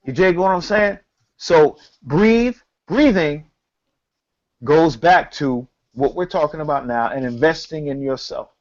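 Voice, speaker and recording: A man co-hosting a casual talk show, telling a story in an animated, slangy, profane way. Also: fairly high pitch, measured pace, highs cut off. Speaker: podcast co-host.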